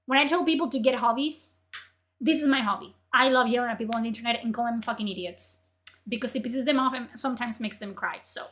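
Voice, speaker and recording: A woman streamer ranting in profane, exasperated commentary, her voice strained from yelling. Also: a little high, quick pace.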